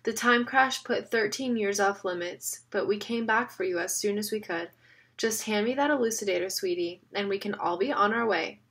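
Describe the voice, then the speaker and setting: A woman reading aloud as a sarcastic, smooth-talking villain, a middle-aged man with a mocking, wheedling manner. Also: medium pitch, normal speed, fairly bright tone, lightly acted. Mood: coaxing. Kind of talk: audiobook reading.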